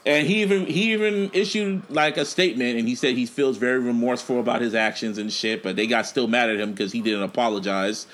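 A man's voice: medium pitch, brisk, hardly any pauses, fairly bright tone. A man co-hosting a podcast, telling stories in casual chat, swearing freely and laughing often. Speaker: podcast co-host.

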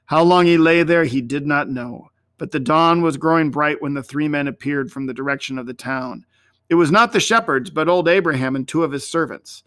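A man reading a story aloud in a measured, expressive storytelling manner. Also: on the high side, clear, resonant tone, no echo.

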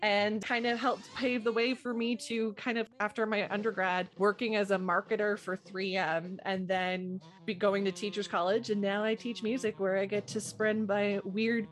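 A woman's voice: medium pitch, little pitch movement, normal speed, few pauses. A woman, co-hosting a podcast in casual chat, self-mocking and acting out quoted voices. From Canada. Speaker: podcast co-host.

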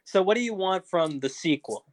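A man's voice: high voice, animated, moderate pace. A young man in casual film chat, talking eagerly like a fan and stumbling over fillers. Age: young adult.

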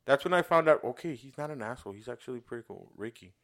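A man's voice: mid-range voice, animated, fast talker. A young man co-hosting a casual podcast chat, telling rambling, profane stories and mimicking the people in them. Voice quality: profane, rambling storyteller who mimics others. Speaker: podcast co-host.

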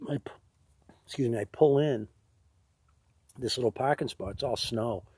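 A man tells rambling stories in a casual podcast chat. His voice is husky and sits at a middle pitch. He laughs his way through the tale, close to a dry-sounding mic. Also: normal speed, mellow, no room sound. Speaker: podcast co-host.

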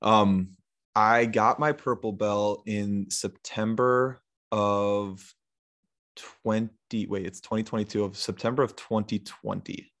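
A young man with a fairly low voice is a podcast guest, telling a story in a loose, rambling way full of "likes" and "ums." He acts out what others said to him, keeping his tone relaxed and conversational while speaking slowly.

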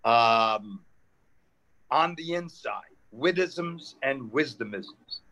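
An older man, a comedian telling stories in lively chat and acting out the people in them. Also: mid-range voice, very slow. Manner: animated, acts out people in funny voices. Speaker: comedian guest. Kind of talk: storytelling comic chat.

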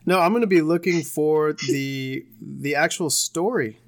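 A man's voice: fairly high pitch, measured pace, creaky. A young man co-hosting a casual sports podcast, rambling and joking as he recaps games. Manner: joking, rambling, with put-on bits. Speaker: podcast co-host.

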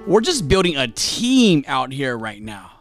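A man hosting his own podcast, talking passionately and emphatically, with sudden loud bursts and low murmurs. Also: very animated, unhurried, over music. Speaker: podcast host. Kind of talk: casual solo podcast talk. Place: podcast studio.

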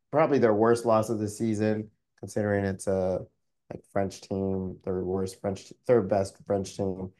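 A man's voice: on the low side, warm tone, smooth. A man co-hosting a sports podcast, chatting casually with plenty of ums and restarts. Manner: rambling, many fillers and restarts. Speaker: podcast co-host.

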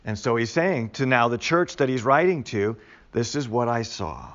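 A man's voice: mid-range voice, expressive, unhurried, a bit bright, muffled recording. Man teaching a Bible class. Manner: conversational, explains and repeats key words with emphasis. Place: classroom with a live group.

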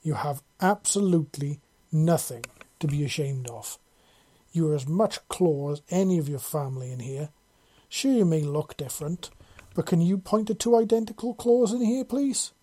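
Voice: mid-range voice, animated, normal speed, warm tone, slightly rough. A reader doing Shepard, a foul-mouthed fierce woman soldier. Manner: growling, swearing, drill-sergeant commands.

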